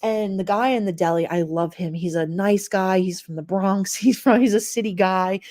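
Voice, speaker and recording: A woman's voice: medium pitch, moderate pace, a little mellow. A middle-aged woman chatting casually with her live chat viewers, telling everyday stories, laughing often and acting out voices. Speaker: live stream host.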